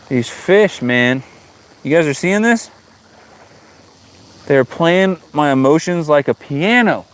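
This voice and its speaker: A man's voice: a little high, lively intonation, slow. A man hosting a fishing livestream outdoors, chatting casually with viewers and joking in exasperation at the fish. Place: outdoors by the water.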